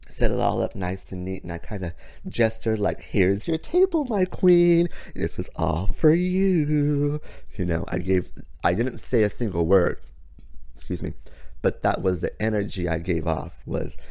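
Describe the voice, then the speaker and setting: A man casually telling a personal story, animated and folksy, with sudden jumps up in pitch. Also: vocal fry, no echo. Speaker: storyteller host.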